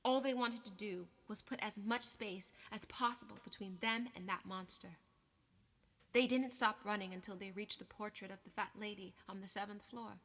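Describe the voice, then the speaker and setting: A woman reading an audiobook aloud in a measured, expressive way. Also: mid-range voice. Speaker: audiobook reader. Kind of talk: audiobook narration. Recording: long reverb.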